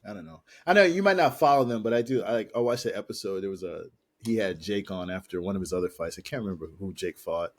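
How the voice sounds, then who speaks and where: A man with a fairly low voice talks through a casual podcast chat. He rambles in slangy asides and circles back over the same points as he talks. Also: animated, quick pace. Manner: rambling, slangy, repeats himself. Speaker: podcast co-host.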